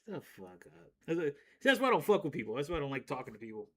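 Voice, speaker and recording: A man with a voice pitched a little above most men's, holding forth in a loose, profane rant to his stream. He rambles, restarts his thoughts, and breaks into laughs at his own stories. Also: big pitch swings, racing. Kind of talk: casual rant to stream chat.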